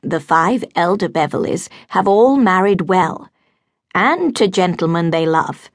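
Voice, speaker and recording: A woman voicing a gentle older spinster governess in an audiobook, earnest and pleading. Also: lowish voice, lively intonation, a little slow, no room sound, studio quality.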